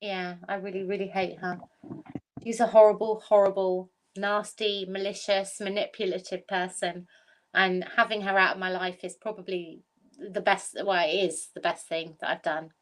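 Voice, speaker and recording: A woman's voice: medium pitch, little pitch movement, moderate pace. A woman hosting a livestream chat, talking candidly, laughing often and repeating herself for emphasis. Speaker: livestream host. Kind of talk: casual chat.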